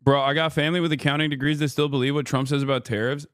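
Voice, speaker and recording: Exasperated high-voiced male streamer. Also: fairly even intonation, fairly bright tone, no echo, clean studio sound. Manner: exasperated, incredulous, rapid rants. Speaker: streamer reacting to news. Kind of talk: profane political commentary.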